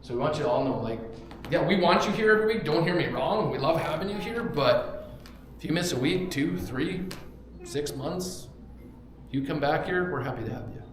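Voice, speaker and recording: A male pastor preaching a casual, joking sermon in a church, with props and sudden bursts of loud emphasis. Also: a little high, expressive, moderate pace. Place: church sanctuary. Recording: very echoey room, faint background hum.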